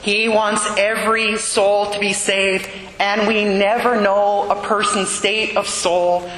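A man with a high, bright voice tells stories in a slow, earnest sermon. He carries the quoted dialogue himself. The sound is roomy, with a long hall reverb and a faint hum of ambience behind him. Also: little pitch movement. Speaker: preacher. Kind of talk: sermon storytelling.

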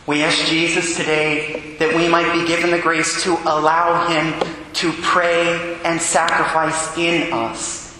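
A man's voice: a little high, monotone, slow pace, sharp tone, slight background noise. A man preaching a homily to children, telling saint stories and calling on listeners by name. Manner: storytelling, calls on listeners by name. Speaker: priest. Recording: echoey church with long reverb.

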